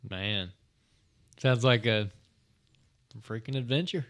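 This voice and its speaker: A man's voice: mid-range voice, slow, fairly bright tone. A man co-hosting a podcast, ribbing the storyteller in casual chat. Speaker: podcast co-host.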